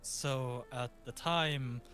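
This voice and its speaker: A man's voice: mid-range voice, extremely slow, fairly bright tone. A man telling a story in casual chat, acting out quotes from his chat and friends. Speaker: VTuber guest.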